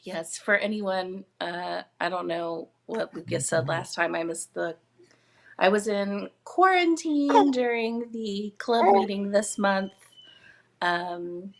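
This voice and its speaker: A hoarse woman recovering from illness, chatting as a book club co-host in a self-deprecating, excitable way. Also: mid-range voice, slow pace. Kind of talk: casual chat.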